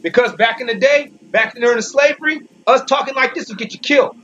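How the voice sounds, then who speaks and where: A man giving an informal Bible commentary, speaking emphatically, repeating and restarting phrases, and slowing down when he reads verses. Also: very high voice, sharp tone, slight background noise. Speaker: Bible teacher. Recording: dull lo-fi recording with faint music.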